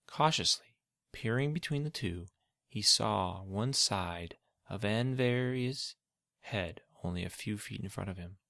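A man with a very low voice reads a fantasy story aloud at an even, measured pace. His tone is forceful and bright-edged despite the depth. The recording is close and completely dry. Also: gravelly, no room sound. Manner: steady, measured read-aloud delivery. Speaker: narrator. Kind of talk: storybook narration.

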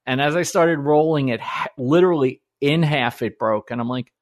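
A host in casual chat who laughs often and acts out quoted lines in the middle of stories. The voice sits mid-pitch and easygoing. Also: normal speed.

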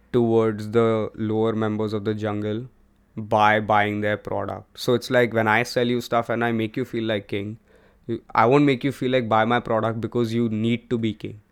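A young man with an Indian English accent hosts a solo podcast from a room at home, rambling candidly and profanely while switching between English and Hindi. His voice is lowish, clear, and resonant.

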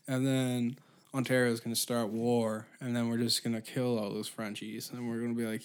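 A man's voice: medium pitch, level tone, fast, clear, resonant tone. A man from Canada hosting a solo comedy podcast, rambling and profane as he riffs off the cuff. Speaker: podcast host.

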